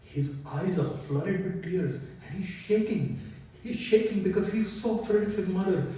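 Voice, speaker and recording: A man's voice: sits high, moderate pace, warm tone. A man giving a storytelling sermon in a conversational way, often checking in with "right?" and "you know". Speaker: speaker at a temple gathering. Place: large temple hall. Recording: echoey hall from far off.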